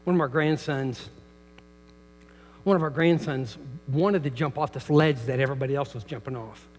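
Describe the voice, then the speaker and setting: An older man, a pastor, preaches a sermon through stories, his medium-pitched voice moving at a moderate pace with a long reverb tail in the church sanctuary. He often repeats words as he begins a phrase, and he gets loud when quoting.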